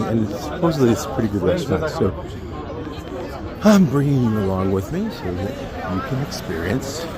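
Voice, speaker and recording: An airline pilot and travel vlogger with a medium-pitched voice chats casually in a rambling, sidetracked way while walking uphill on a residential city street, slightly out of breath. It's a casual walking vlog recorded outdoors, with noisy street ambience and traffic in the background.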